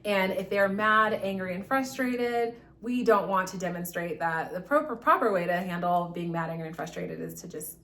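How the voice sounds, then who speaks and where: A young adult woman talks to camera about parenting, sounding relaxed and conversational. She explains at an easy pace, and fillers and small restarts run all through her talk. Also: mid-range voice, normal speed, hardly any pauses. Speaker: parenting educator. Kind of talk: casual instructional talk to camera.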